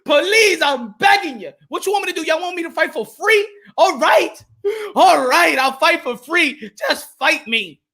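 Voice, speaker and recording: A man's voice: very high-pitched, expressive, a little slow, bright, forceful tone, pitched above the performer's own voice, heavily acted. A man voicing a grown male boxer who whines and pleads for anyone to fight him. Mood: pleading. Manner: whiny, pleading.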